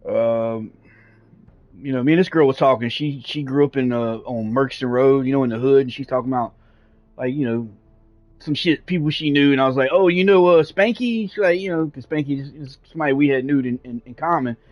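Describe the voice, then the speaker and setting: A man's voice: medium pitch, steady tone, a little fast, darkish tone. A man streaming a game who tells a long story in casual talk, rambling with lots of fillers and swearing. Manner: rambling, profane, frequent fillers. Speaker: gaming streamer. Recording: dull lo-fi sound.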